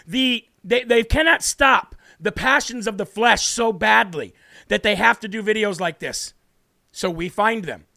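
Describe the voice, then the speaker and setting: A man's voice: high voice, a little slow, vocal fry, pushed and bright, no echo, studio quality. A man with an American accent hosting a political talk show, talking in a brash, indignant way that repeats words for emphasis.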